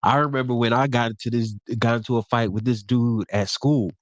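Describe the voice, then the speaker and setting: A man's voice: medium pitch, a little fast, no room sound. A young man with a mid-range voice tells stories animatedly in a casual podcast chat, putting on the voices of the people in them. The sound is dry and close. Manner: animated storyteller, acts out quoted voices. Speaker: podcast co-host.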